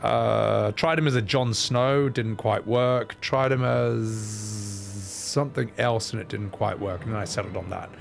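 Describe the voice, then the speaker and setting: A man's voice: mid-range voice, a little slow, vocal fry. A man with an Australian accent giving casual, sweary, self-mocking commentary while playing a game. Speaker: streamer.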